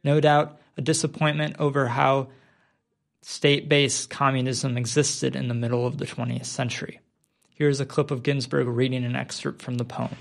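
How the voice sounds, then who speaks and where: A man hosting a show, introducing clips in measured, read-from-script narration. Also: mid-range voice, flat delivery, gravelly. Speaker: host.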